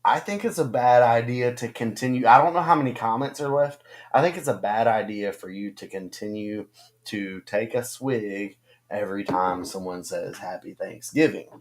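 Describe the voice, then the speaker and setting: Man, low-pitched, co-host, halting casual stream talk with many fillers. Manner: halting, full of ums and restarts. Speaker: co-host of a fantasy football stream. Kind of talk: casual livestream chat.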